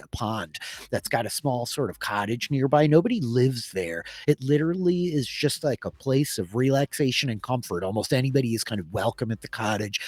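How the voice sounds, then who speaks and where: A man running a tabletop game at an average pitch, narrating in a relaxed, rambling way. The sound is dry and close. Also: no echo. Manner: relaxed, rambling, many "like" fillers. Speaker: game master.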